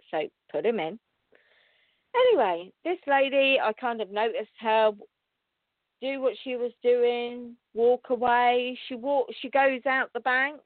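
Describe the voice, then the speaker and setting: A woman hosting a spiritual talk show, telling a story to her listeners in a chatty, excitable way with restarts and laughter. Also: a little high, no room sound. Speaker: show host and psychic reader. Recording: tinny phone-line sound.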